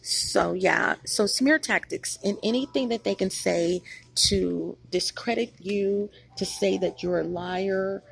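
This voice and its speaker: A woman's voice: mid-range voice, slow, gravelly. A woman hosting her own channel, talking in a rambling, emphatic vlog monologue with many restarts, tired after being up all night. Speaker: channel host.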